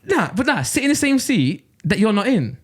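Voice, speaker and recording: A man from Nottingham with a Midlands accent, co-hosting a casual podcast and telling an exasperated, animated story. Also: sits high, normal speed, slightly rough. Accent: English Midlands. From Nottingham, England. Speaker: podcast co-host.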